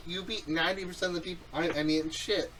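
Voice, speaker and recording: A young man co-hosting a casual podcast, loud and profane, teasing his co-host and telling animated stories. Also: high-pitched, normal speed, far from the mic, a little hiss or hum, poor audio.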